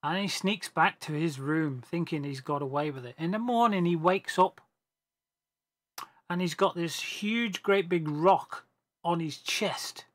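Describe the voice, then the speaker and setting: A man's voice: fairly high pitch, measured pace, fairly bright tone. A man on a gaming voice chat, telling a long joke casually and rambling, with restarts and self-corrections. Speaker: gamer on a team voice chat.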